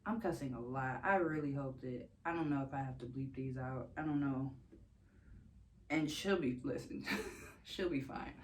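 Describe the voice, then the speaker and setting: With a darkish tone and a moderate pace, a young woman shares a personal story on her vlog amid slight background noise. She's candid and casual, cursing freely, laughing between sentences, and her voice leaps much higher whenever she quotes herself.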